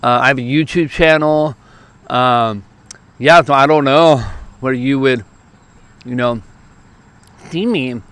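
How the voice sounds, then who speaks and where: A man from California, a youth preacher, telling a story to camera outdoors at a park, lively and quick, acting out what others said. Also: mid-range voice, clean tone, no room sound. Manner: lively, quick bursts, acts out quoted lines.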